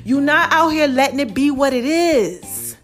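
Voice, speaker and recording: This woman speaks in a high, lively voice at a slightly slow pace, with faint music playing behind her. On her online show she encourages viewers affectionately, addressing them as "baby" and "y'all," and drives her points home preachily by saying phrases again and again.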